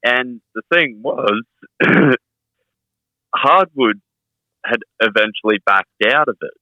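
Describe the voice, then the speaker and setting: A man's voice: medium pitch, expressive, slow pace, sharp tone, dry recording, muffled recording. A man, a wrestler guest telling stories in casual podcast chat, swearing often and laughing. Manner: swears a lot, laughing storyteller.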